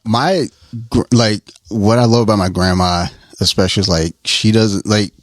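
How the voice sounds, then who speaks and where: A man's voice: lowish voice, normal speed, no echo. A man co-hosting a podcast, telling loose, rambling, profane stories in casual chat. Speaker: podcast co-host.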